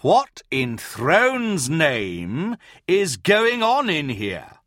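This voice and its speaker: A man's voice: sits high, animated, a bit bright, no echo, studio quality, voice pushed up, heavily acted. A man voicing a stern, demanding officer. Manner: demanding, slow.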